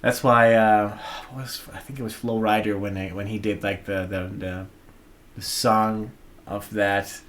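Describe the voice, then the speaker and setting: A man's voice: on the low side, steady tone, measured pace, a bit bright, slight background noise. A young Dutch man, Dutch his first language, co-hosting a casual livestream and rambling with many restarts. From Netherlands. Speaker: vlog co-host.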